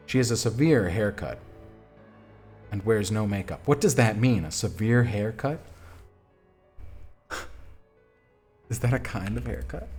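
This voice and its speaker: A man streaming a text adventure game, reading the story aloud and chatting casually about his choices in a lively, self-mocking way. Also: fairly low pitch.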